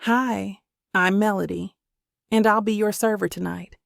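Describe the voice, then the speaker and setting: A woman's voice: mid-range voice, steady tone, measured pace, creaky, no room sound, studio quality. A woman voicing a cheerful young waitress with a Southern accent in an audiobook.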